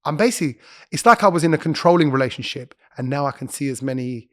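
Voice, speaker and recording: A man, a radio presenter, chatting as a podcast guest and telling stories quickly, often breaking off to correct himself. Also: medium pitch, fairly bright tone. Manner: quick, chatty storyteller who interrupts himself. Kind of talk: casual interview chat.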